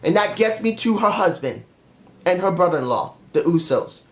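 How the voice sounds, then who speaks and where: A man's voice: high-pitched, lively intonation, moderate pace. A man reviewing a wrestling show in an angry, frustrated vlog rant, swearing as he goes.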